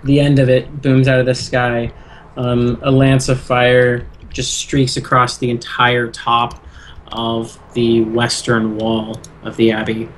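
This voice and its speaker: A man narrating a tabletop role-playing game as game master, halting with many fillers. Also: medium pitch, completely flat delivery, slight background noise.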